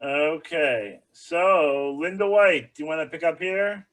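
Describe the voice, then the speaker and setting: A man's voice: fairly high pitch, takes it slowly, fairly bright tone. A male rabbi teaching a bible study class in a conversational, joking, explanatory way.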